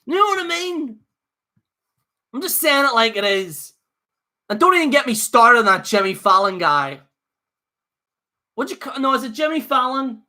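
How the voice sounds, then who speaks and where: Bright-voiced man ranting on a livestream. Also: very high-pitched, big pitch swings, moderate pace, pauses often. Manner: rambling, fired-up, jokey. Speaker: livestream host. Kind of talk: casual livestream rant.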